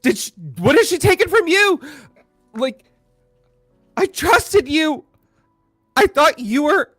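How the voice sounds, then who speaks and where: A man voicing a betrayed young male hero who shouts and stammers accusations at a friend. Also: medium pitch, a little fast, no room sound, faint music behind, natural voice. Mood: furious.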